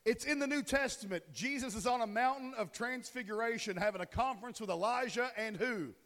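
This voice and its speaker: A man's voice: extremely high pitch, a little fast, few pauses, fairly bright tone. A man in his forties preaching a casual, joking sermon and often asking the congregation questions. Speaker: pastor. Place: church sanctuary. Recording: long hall reverb.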